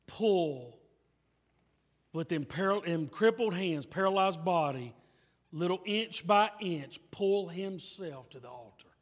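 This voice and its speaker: A man's voice: sits high, expressive, takes it slowly, long reverb tail. A man preaching a revival sermon in church, telling a story emphatically and repeating his phrases. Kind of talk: revival sermon with altar call. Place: church sanctuary.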